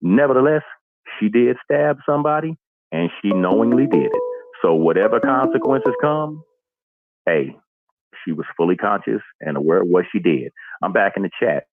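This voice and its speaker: A man's voice: on the low side, animated, normal speed, soft background music. A man calling into a livestream, giving earnest, reflective casual commentary over a phone line. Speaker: caller to a livestream.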